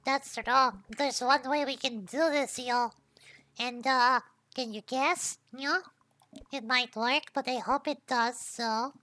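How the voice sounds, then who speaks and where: A woman streamer gives casual commentary in a high, bright voice, talking through her moves as she plays. She swears a lot and keeps throwing in a laid-back "yo". Her delivery is slow and unhurried, and the sound is close and dry. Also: steady tone, no echo. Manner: swears freely and ends lines with "yo"; thinks aloud while trying things out.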